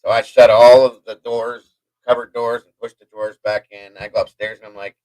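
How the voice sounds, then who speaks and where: A man hosting a live stream, telling a long personal story in a rambling, profane, animated way. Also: medium pitch, brisk, poor audio. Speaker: host. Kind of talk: livestream storytelling.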